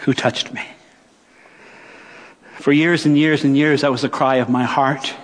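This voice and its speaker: A middle-aged male pastor preaching a sermon, with dramatic pauses and rhetorical questions. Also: fairly high pitch, steady tone. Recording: long church reverb.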